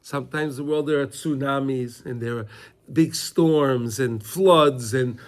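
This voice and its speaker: A man's voice: mid-range voice, measured pace. A man teaching a casual Torah class to students, talking conversationally and repeating himself, often checking in with "right?".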